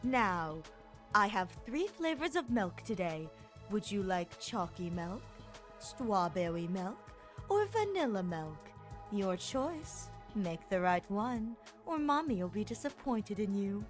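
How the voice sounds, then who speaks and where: A woman playing a slow, condescending evil mommy. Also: mid-range voice, big pitch swings, faint music behind, pitched below the performer's own voice. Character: sultry evil mommy-type woman handing out snacks.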